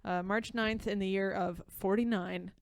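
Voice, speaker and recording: A woman co-hosting a comedy podcast live in a theater, giggling as she reads out trivia. Her voice is smooth and resonant, sitting at a middle pitch, and it comes across dry, with little room sound on it. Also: fairly even intonation, unhurried, dry recording. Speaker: podcast co-host. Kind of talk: casual comedic chat. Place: upstairs theater stage.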